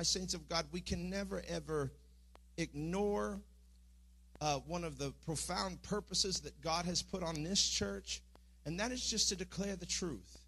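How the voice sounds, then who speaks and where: A man's voice: high voice, creaky, pushed and bright, breathy edge. A middle-aged man, preaching a sermon in a church with earnest speech that rises into impassioned pleading. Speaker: pastor. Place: church sanctuary.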